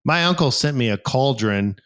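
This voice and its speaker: A man's voice: mid-range voice, moderate pace, clean tone. A man co-hosting a casual podcast, telling rambling stories and explaining gym equipment with lots of fillers. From United States. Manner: rambling, animated storytelling with acted quotes. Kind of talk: casual chat.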